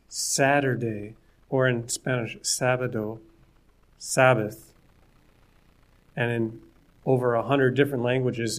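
A man preaching a sermon in an earnest, conversational way, with jokes and asides to the listeners. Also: medium pitch.

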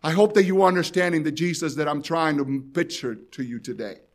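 A man delivers a sermon in a pleading, urgent way, rising and falling in intensity as he speaks straight to his listeners. His voice sits somewhat high for a man, and he drives points home by repeating key phrases. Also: fairly quick. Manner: addresses listeners directly and repeats phrases for emphasis. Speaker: preacher.

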